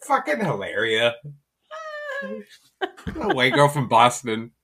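Animated husky-voiced man, incredulous. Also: mid-range voice. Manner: incredulous, quick to laugh. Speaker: podcast co-host. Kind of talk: casual recap chat.

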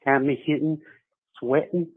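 A man's voice: mid-range voice, flat delivery, takes it slowly, slightly rough, dry recording. A man doing a hammy drawling bayou sports fan. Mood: indignant. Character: exaggerated Southern Louisiana sports fan, man. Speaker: voicemail caller. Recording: tinny phone line.

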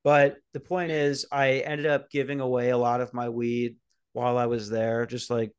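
A man's voice: mid-range voice, flat delivery, normal speed, clean tone. A young man casually telling a rambling story on a podcast, swearing and acting out quotes. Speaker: podcast host.

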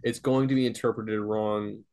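A young man co-hosting a podcast, chatting in an easygoing, halting way. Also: lowish voice, fairly even intonation, darkish tone. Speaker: podcast co-host. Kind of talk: casual podcast chat.

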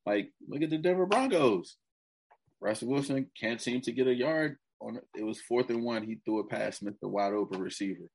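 A man co-hosting a podcast, talking sports in casual, animated chat with swearing. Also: medium pitch, moderate pace, creaky, slightly rough. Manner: animated, swearing, mock quotes. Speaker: podcast co-host.

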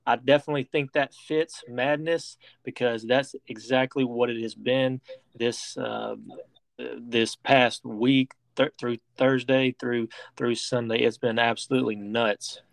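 A man's voice: medium pitch, steady tone, a little slow, creaky, dry recording. Rambling man hosting a dry sports podcast. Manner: rambling, many restarts and fillers. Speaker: podcast host. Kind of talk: casual sports talk.

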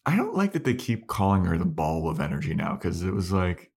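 Low-voiced man with a lively delivery. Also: fairly quick, creaky, slightly rough. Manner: animated, acts out scenes. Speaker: podcast co-host. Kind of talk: casual chat.

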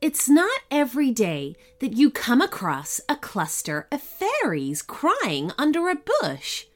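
Slow, lively storytelling woman. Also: on the high side, soft background music. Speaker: podcast host and storyteller. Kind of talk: bedtime story narration.

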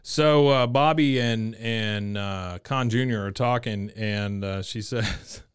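A man co-hosting a podcast, recapping a cartoon episode in a laid-back way with many pauses and wry asides. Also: lowish voice, smooth. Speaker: podcast co-host. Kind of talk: casual episode recap chat.

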